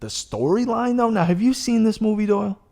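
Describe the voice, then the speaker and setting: Profane, rambling man with a higher voice. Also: a little fast. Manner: rambling, profane, animated storytelling. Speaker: podcast host. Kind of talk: casual chat.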